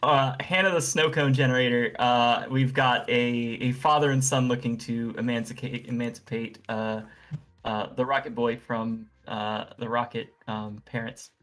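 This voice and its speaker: A man's voice: medium pitch, fairly even intonation, normal speed, a bit bright. A man hosting an improvised comedy game as game master, enthusiastic and rambling with fillers.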